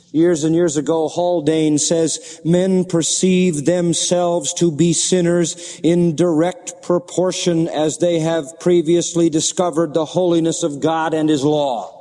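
A man's voice: a little high, dark tone, in a large hall. A man preaching a sermon, explaining scripture verse by verse and reading passages with rising passion.

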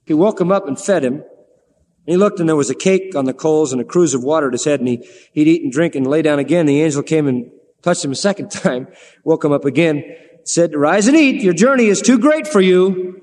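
A man preaching a sermon in a lively storytelling manner, acting out the quoted lines. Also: a little high, a little fast, big-room sound.

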